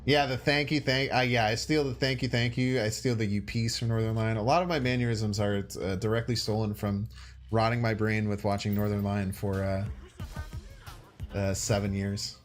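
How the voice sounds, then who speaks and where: A man with a Chicago accent streaming a card game, chatting casually with his viewers and thinking his moves out loud. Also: lowish voice, steady tone, normal speed, soft background music. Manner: chatty, thinks aloud and talks to chat. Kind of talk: casual gaming stream commentary.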